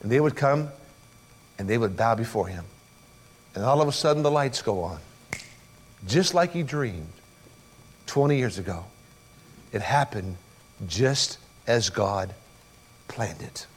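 A man's voice: mid-range voice, lively intonation, a little slow, long pauses, slightly rough. A male pastor preaching an expository sermon, emphatic and asking rhetorical questions.

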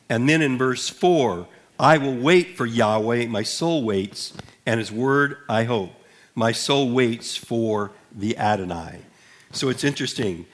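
A man preaching a sermon as pastor, reading scripture aloud with earnest, measured emphasis. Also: mid-range voice, fairly bright tone.

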